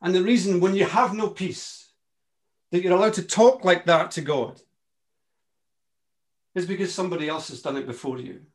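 A man preaching a sermon, impassioned, moving between quiet asides and ringing emphasis. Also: high-pitched, moderate pace, pauses often.

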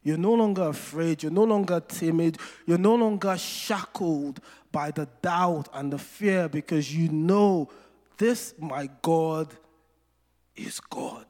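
A male preacher with a fairly high voice, preaching a sermon. He tells stories with playful asides and slows down hard on scripture lines. His voice rings through a hall with long reverb. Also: a little mellow. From Nigeria.

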